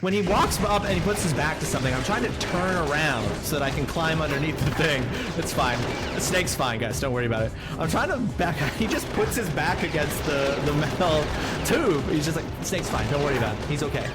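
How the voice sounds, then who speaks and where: A man's voice: a little high, brisk. Hyped guy streaming a game, swears a ton, voice jumps all over, music playing. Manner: excitable, swears a lot, shouts at the game. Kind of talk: casual gameplay commentary.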